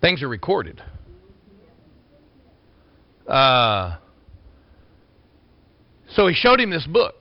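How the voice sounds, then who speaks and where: A male pastor preaching a sermon in an animated, exclamatory way, throwing out shouted calls to the congregation. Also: medium pitch, very slow, long pauses, no room sound, dull audio.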